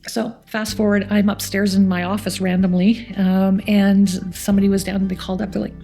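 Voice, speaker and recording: Middle-aged Canadian woman, gravelly and mellow, youth centre coordinator, lively anecdotes with quoted voices. Faint guitar underneath. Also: medium pitch, a little fast, few pauses. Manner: warm anecdotal storytelling, acts out quoted voices. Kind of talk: storytelling interview.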